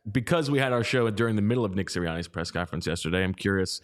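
A man's voice: fairly low pitch, lively intonation, rapid-fire. A man hosting a casual sports talk show, with a dry, teasing way of talking. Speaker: podcast host.

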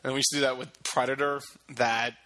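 A man's voice: medium pitch, little pitch movement, brisk, sharp tone. A young man chatting casually with friends, rambling through loose sentences full of "like" and often breaking into laughs. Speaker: co-host in a chat among friends. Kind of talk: casual chat.

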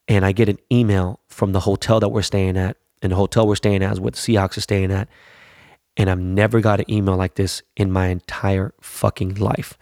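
A man's voice: deep voice, level tone, a little fast, a little mellow, dry recording, clean studio sound. A man chatting casually about his weekend in a slangy, profane, rambling way. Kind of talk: casual chat.

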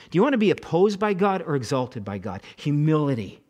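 A middle-aged man preaching a sermon as pastor, animated, acting out quoted voices and repeating words as he goes. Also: a little high, brisk, few pauses.

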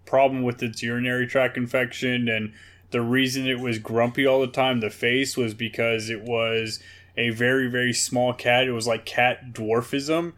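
A man's voice: mid-range voice, level tone, moderate pace, a bit bright. A man co-hosting a casual podcast, talking in a profane, emphatic way. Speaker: podcast co-host.

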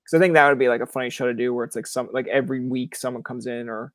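Animated young male podcast host. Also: mid-range voice, rapid-fire, no echo. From Canada. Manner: animated storyteller who acts out quoted voices, swears freely. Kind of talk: casual interview chat.

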